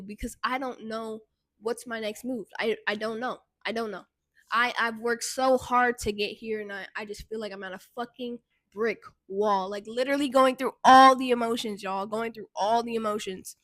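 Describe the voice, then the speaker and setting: A young woman tells her story to camera in a casual vlog, animated and swearing freely as she talks straight to her viewers. Her voice sits a little high and sounds bright and crisp. The recording is dry and close, with no room sound. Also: moderate pace, no room sound. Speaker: vlogger and intuitive guide.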